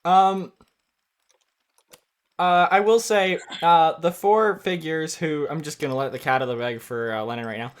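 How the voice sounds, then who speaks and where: Soft-spoken man running a tabletop game. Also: on the high side, moderate pace, clean tone. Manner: hesitant, many fillers, quietly spoken. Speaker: dungeon master. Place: home room at night.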